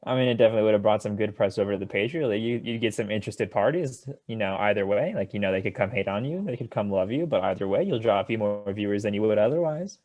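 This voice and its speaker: A man's voice: lowish voice, quick pace, hardly any pauses, a little mellow, no echo, dull audio. A young man co-hosting a casual sports podcast, joking and teasing the others. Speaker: podcast co-host.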